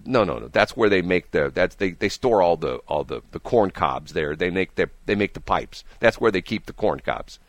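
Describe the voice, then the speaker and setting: He has a low, animated voice and talks at a normal speed with few pauses, captured dry on a studio mic. Hosting a radio morning show, he rambles through humorous stories in easygoing banter, often repeating words.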